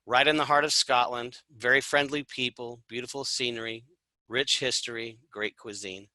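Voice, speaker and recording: A man's voice: mid-range voice, steady tone, moderate pace, bright, forceful tone, dry recording, rough recording. A man giving an informal, upbeat travel presentation, chatty, with fillers and jokey asides. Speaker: tour presenter.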